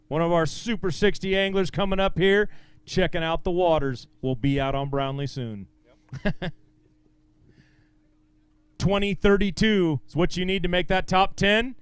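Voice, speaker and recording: A man's voice: sits high, normal speed, pauses often, clear, resonant tone, no echo. A man emceeing a fishing tournament weigh-in on an outdoor stage, upbeat and encouraging as he bantes with the anglers. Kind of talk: live weigh-in announcing.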